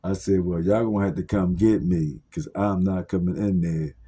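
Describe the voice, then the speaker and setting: A young man tells a personal story in loose street slang, swearing freely and filling gaps with fillers. His voice sits low and dark. It carries a husky edge as he acts out each exchange. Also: fairly even intonation, moderate pace.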